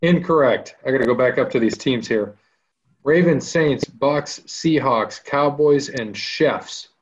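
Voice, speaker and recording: A man hosting a casual sports trivia game on a podcast, running the rounds briskly and upbeat. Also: medium pitch, highs cut off. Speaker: trivia quiz host.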